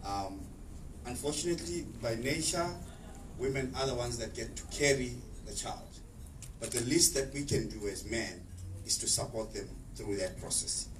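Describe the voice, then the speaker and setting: A man's voice: mid-range voice, lively intonation, moderate pace. A middle-aged man speaking on a panel, earnest and repeating words as he searches for them. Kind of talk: panel discussion speech. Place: exhibition hall. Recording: echoey hall, distant mic, faint noise.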